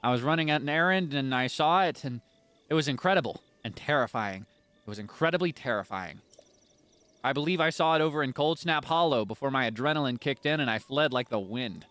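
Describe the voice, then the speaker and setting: A man's voice: medium pitch, brisk, fairly bright tone, smooth, no echo, lightly acted. A man voicing a chatty, nervous bird-folk villager man in a raised, gossipy voice.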